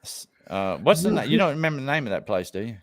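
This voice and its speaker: A man's voice: mid-range voice, sing-song, fast, no room sound, clean studio sound. A man hosting a casual live-stream chat, telling stories in a laid-back way and swearing freely. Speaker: live stream show host.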